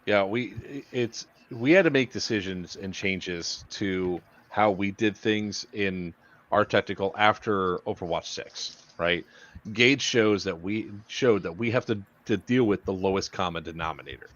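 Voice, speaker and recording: A man with a somewhat low voice hosts a casual podcast chat. He rambles through stories, swearing freely and laughing along the way. The audio is muffled and lo-fi. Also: a little slow, a bit bright. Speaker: podcast host.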